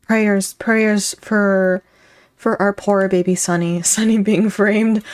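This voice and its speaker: Woman streamer, unhurried, laughs often, chatty reaction commentary. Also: mid-range voice, flat delivery. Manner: playful, giggly, thanks chat viewers by name. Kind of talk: casual live-stream commentary.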